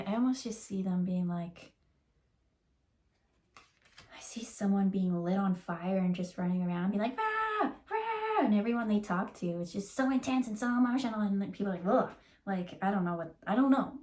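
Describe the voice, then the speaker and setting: A woman giving a casual channeled tarot reading, rambling and emotional, with many fillers, and slowing down to stretch out key words. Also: mid-range voice, a little mellow. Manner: rambling and emotional, full of likes and ums, slows to drag out key words. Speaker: tarot reader.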